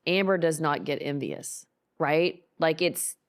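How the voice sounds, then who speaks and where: A woman's voice: low voice, unhurried, smooth. A married woman co-hosting a casual faith podcast, telling a personal story earnestly and acting out quoted lines. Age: adult, married. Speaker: podcast co-host.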